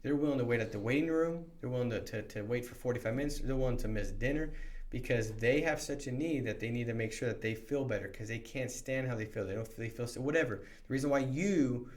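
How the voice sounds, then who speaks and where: The voice is a man at a middle pitch, talking with energy as he coaches new insurance sales agents. His delivery is casual and motivational, and he often restarts a phrase before pushing on. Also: fast talker. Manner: energetic and conversational, with frequent restarts. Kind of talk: motivational sales training talk.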